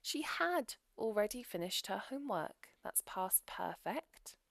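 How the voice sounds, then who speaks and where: A woman teaching English grammar in a recorded lesson, explaining clearly and steadily with example sentences. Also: medium pitch, big pitch swings, a little slow, dry recording, studio quality.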